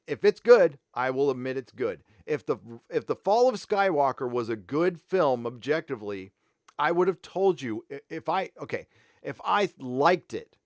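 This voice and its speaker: Profane, blunt livestream host, dry sound. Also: male voice, fairly high pitch, no room sound. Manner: blunt, profane, loosely rambling. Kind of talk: casual livestream rant.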